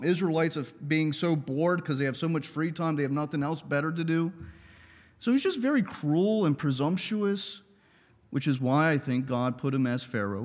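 A man teaching a Bible lesson in a conversational, expressive way, with asides and light humor. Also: on the high side, long reverb tail.

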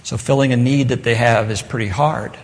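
Male preacher, mid-pitched, casual sermon delivery with forceful scripture readings, reverberant hall. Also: steady tone, a little fast. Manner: conversational, switching to loud emphatic scripture reading. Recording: long echo of a large hall.

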